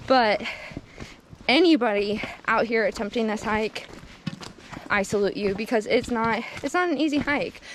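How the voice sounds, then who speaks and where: A chatty young woman with a mixed Minnesota and Southern accent and a slightly high voice talks to the camera on a forest trail. She laughs often, and a little outdoor noise sits faintly behind her. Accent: mix of Minnesota and Southern US. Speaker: hiking vlogger. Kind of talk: casual vlog chat on a trail.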